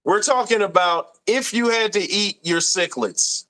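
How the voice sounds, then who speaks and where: A man's voice: high-pitched, unhurried, pushed and bright. A young man hosting a casual live stream, reading viewer comments aloud with a laid-back, laughing manner.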